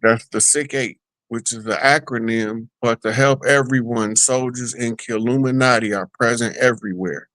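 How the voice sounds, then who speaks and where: A man's voice: medium pitch, fairly even intonation, moderate pace, few pauses, a bit bright, dry recording, rough recording. A man appearing as a guest on a talk show, speaking in a loose, rambling, conversational way. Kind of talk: casual talk show chat.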